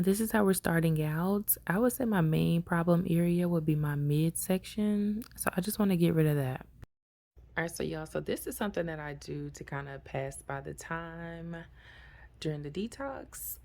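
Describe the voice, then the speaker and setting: A woman's voice: fairly low pitch, lively intonation, moderate pace, creaky, darkish tone. A young woman vlogging in a casual, chatty way and telling stories with a lot of drama. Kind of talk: casual vlog chat.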